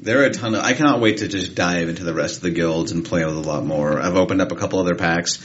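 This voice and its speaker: A man's voice: low voice, quick pace, highs cut off. A man co-hosting a podcast, telling a casual story and acting out what people said. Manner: animated anecdote telling with quoted voices. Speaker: podcast co-host.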